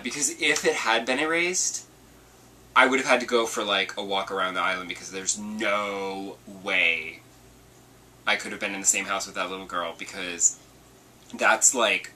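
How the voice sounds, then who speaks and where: A man hosting a video podcast, telling a story in a chatty, animated way. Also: on the low side, distant mic, slight background noise. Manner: chatty and animated, acts out quotes. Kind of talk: casual storytelling vlog.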